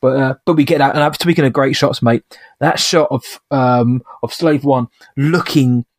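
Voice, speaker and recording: Studio-clean with no room sound, this recording features a man's mid-range voice, steady in tone and moderate in pace. He co-hosts a podcast, casually and animatedly recounting scenes while rambling and restarting.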